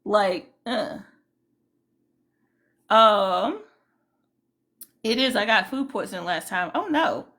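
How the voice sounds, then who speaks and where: A woman's voice: medium pitch, expressive, takes it slowly, long pauses, fairly bright tone. A woman hosting a casual livestream, chatting loosely and greeting viewers by name. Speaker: livestream host.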